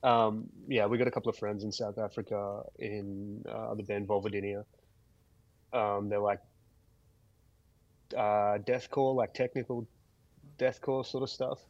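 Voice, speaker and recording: Laid-back man with a low voice. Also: fairly even intonation, a little slow, long pauses, a little mellow, dry recording, muffled recording. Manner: laid-back storytelling with easy laughs. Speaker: guest musician. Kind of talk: casual podcast chat.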